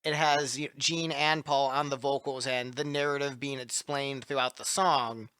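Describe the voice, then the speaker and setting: Bright, enthusiastic male podcast host. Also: mid-range voice, steady tone, moderate pace, clean tone, no room sound, clean studio sound. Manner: enthusiastic, opinionated, chatty. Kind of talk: casual panel chat about music.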